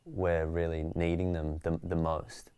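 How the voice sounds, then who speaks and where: Australian comedian guest, deep and smooth-voiced, easy storyteller, dry close sound. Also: male voice, unhurried, no room sound. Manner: relaxed, storytelling, reflective. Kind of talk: interview conversation.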